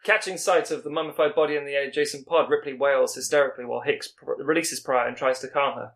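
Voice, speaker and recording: A man reading out a scripted plot pitch as a podcast co-host, with small slips as he goes. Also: steady tone, fairly bright tone. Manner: brisk storytelling read with small slips.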